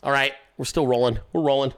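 A man's voice: medium pitch, fairly even intonation, fast, clean tone. A man hosting his own podcast, talking loosely and profanely, joking and swearing through his stories. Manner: acts out voices in anecdotes. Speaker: podcast host. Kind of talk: casual profane commentary.

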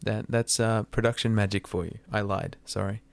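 A man's voice: on the low side, fairly even intonation, moderate pace, creaky, no room sound. A man with an Australian accent, hosting a casual podcast chat, often stumbling and restarting his sentences. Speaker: podcast host.

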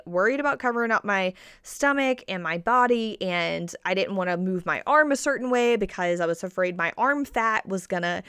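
Woman coach, smooth voice, dry close sound, chatty motivational talk, keeps checking in with "right?". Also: mid-range voice, fairly bright tone, no room sound. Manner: checks in with listeners constantly, "right?" and "okay?"; repeats key points for emphasis. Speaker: body-confidence coach. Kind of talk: casual motivational podcast talk.

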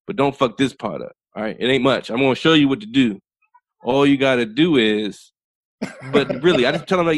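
A man's voice: medium pitch, no room sound. A man from the D.C. area, a teacher, talking in casual chat in a blunt, straight-talking way and cussing freely. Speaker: teacher, podcast guest.

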